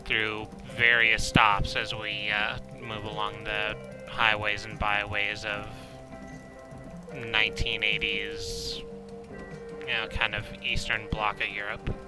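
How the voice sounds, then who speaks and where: A man's voice: lowish voice, monotone, takes it slowly, poor audio. Rambling joking man streaming a game. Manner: rambling, joking, self-deprecating. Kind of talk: casual gameplay commentary. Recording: game music playing loudly behind. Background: in-game car radio music.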